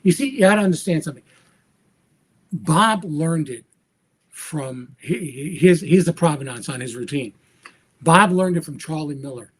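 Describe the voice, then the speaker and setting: Husky animated male magician storyteller. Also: on the high side, normal speed, long pauses. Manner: acts out quoted dialogue with lively voice shifts. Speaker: magician guest.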